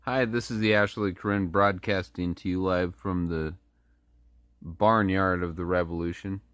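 A man's voice: sits low, steady tone, measured pace, a bit bright, smooth, dry recording, clean studio sound. A man voicing a swaggering, boastful cowboy with a put-on rural drawl.

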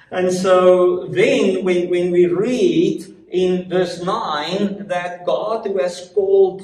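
A man from Africa with an African accent, teaching a church Bible study in a lively, joking way full of rhetorical questions. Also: high-pitched. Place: church meeting room. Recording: echoey room, voice from far off.

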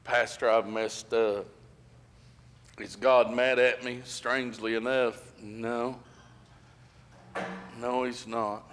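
A man's voice: medium pitch, level tone, slow pace, long pauses, a bit bright, slight background noise. A middle-aged man, preaching a sermon as pastor in folksy storytelling fashion, rising to emphatic preaching. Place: church sanctuary. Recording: long church reverb.

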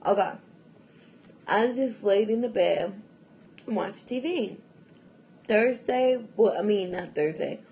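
A woman's voice: mid-range voice, slow pace, gravelly, long pauses, mellow. A young adult woman vlogging in a casual, rambling chat to camera, full of fillers and restarts and often breaking into laughs.

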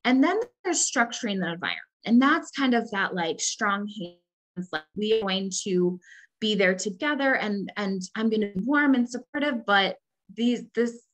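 A woman's voice: medium pitch, animated, moderate pace, fairly bright tone, rough recording. A woman giving an educational presentation on parent-child attachment, speaking in an explanatory way with frequent "like" and "um.".

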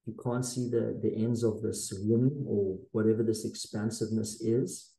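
Dark-voiced man telling an intense story. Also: lowish voice, fairly even intonation, normal speed, gravelly, roomy sound, rough recording. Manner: intense, dramatic storytelling with casual slang. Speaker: podcast guest. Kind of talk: storytelling in a conversational interview.

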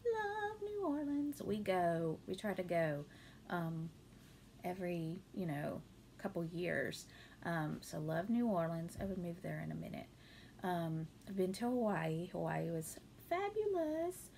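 Woman in her thirties, home vlogger, casual Q&A, gravelly fry, faint hiss behind. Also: fairly low pitch, animated, measured pace. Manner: chatty, warm-hearted, many ums and laughs. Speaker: beauty vlogger answering viewer questions. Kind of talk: casual Q&A chat.

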